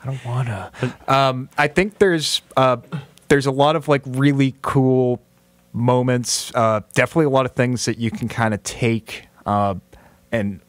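A man, co-hosting a casual podcast chat, weighing his words with many fillers and pauses. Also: mid-range voice, steady tone, dry recording. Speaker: podcast co-host.

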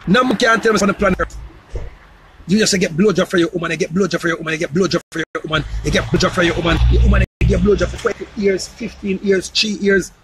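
A man's voice: high-pitched, quick pace, background noise. A man with a Jamaican accent in a loose, rambling casual monologue, repeating himself and often asking if you understand. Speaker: entertainer promoting his new song.

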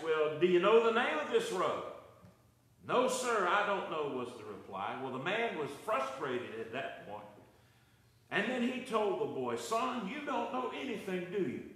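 A man's voice: a little high, fairly bright tone, very echoey, low-quality recording. A man preaching a Bible study sermon as pastor, his delivery rising and falling for emphasis. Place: church.

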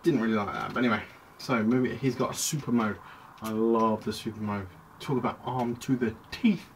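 A man talks through a toy review in a loose, chatty ramble, breaking off mid-thought and circling back. He is recorded from a distance at home, with clear background noise and plastic clicks under his voice. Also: mid-range voice, steady tone, a little fast. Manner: rambling, chatty, self-interrupting. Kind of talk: casual toy review vlog.

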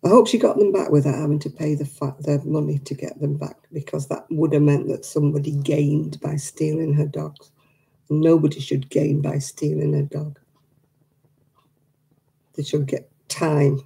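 Livestream host, woman, dark gravelly voice, chatty and warm with her viewers. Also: sits low, fairly even intonation, normal speed, rough recording. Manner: chatty, reads and answers viewer comments; emotional about her late dog. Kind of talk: casual chat with live viewers.

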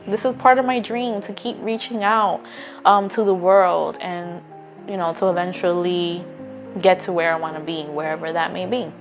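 A woman's voice: on the low side, little pitch movement, normal speed, soft background music. A woman talking straight to her phone camera in a casual, earnest vlog, encouraging viewers and often stopping to restart a thought. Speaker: vlogger. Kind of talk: casual motivational talk to camera.

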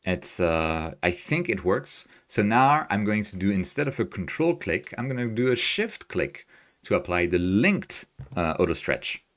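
Man, lowish voice, live-stream tutorial, thinking aloud, upbeat chat with viewers. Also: sing-song, unhurried, fairly bright tone. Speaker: astrophotography streamer. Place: home desk, Tokyo.

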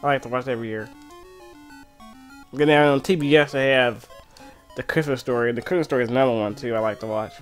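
A man chatting casually on a live game stream from home, animated and excitable, often laughing. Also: medium pitch, quick pace, pauses often, faint music behind. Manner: animated, excitable, often laughing and breaking into movie-line impressions. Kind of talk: casual live-stream chat while playing.

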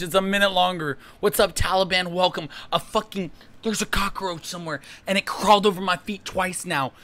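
A man's voice: high voice, fairly even intonation, fairly quick, bright, forceful tone. A man streaming live from his room, talking straight to his viewers in a jumpy, swearing way. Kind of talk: casual live-stream chat. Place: home room.

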